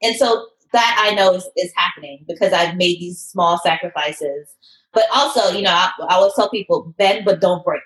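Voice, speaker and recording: A woman who owns a fitness studio, telling her story in an interview with emotion and lively quoted voices. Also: on the low side, moderate pace, reverberant, poor audio. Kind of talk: interview conversation.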